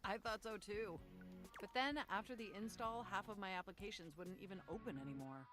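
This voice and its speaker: A woman's voice: medium pitch, a little fast, lightly acted. A woman voicing a talkative female computer operating system in a video game, groggy from an update and joking about it. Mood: wry, chatty. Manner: lively, joking, conversational. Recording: game music underneath. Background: game music.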